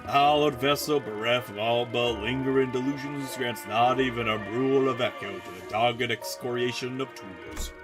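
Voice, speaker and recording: A man's voice: medium pitch, normal speed, few pauses, over music, lightly acted. A man voicing a sleepy, eccentric swordsman who talks in drowsy, theatrical, old-fashioned riddles. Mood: drowsy, grandiose. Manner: drowsy, theatrical, archaic phrasing.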